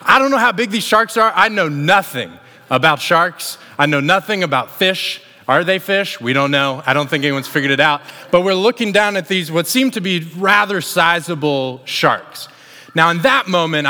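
A man's voice: fairly high pitch, normal speed. A young man preaching a sermon, telling a personal story in a casual, conversational way before turning to the lesson. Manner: conversational storyteller, animated retelling. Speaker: pastor. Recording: long hall reverb.

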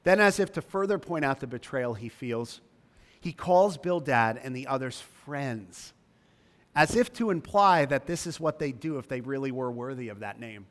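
A man preaching a sermon, emphatic, his voice rising high when he reads scripture aloud. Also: expressive, moderate pace. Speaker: pastor. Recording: long reverb of a large hall.

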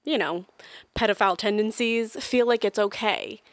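A woman co-hosting a podcast, chiming in with quick, teasing remarks in casual chat. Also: mid-range voice, no room sound. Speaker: podcast co-host.

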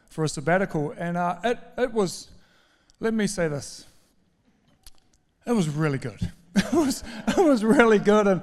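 A middle-aged man preaching a sermon, telling a story in an animated, self-mocking way with emphatic strings of words. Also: high-pitched. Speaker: pastor. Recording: long hall reverb.

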